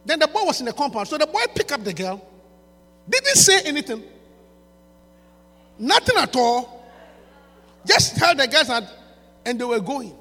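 Animated preacher in a reverberant hall. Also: male voice, extremely high pitch, moderate pace, pauses often. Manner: storytelling, animated, swings from quiet to shouting. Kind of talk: sermon. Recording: reverberant hall with mains hum.

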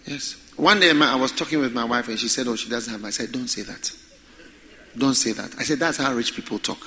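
A man preaching a sermon, animated and repeating phrases for emphasis. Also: medium pitch, brisk, highs cut off.

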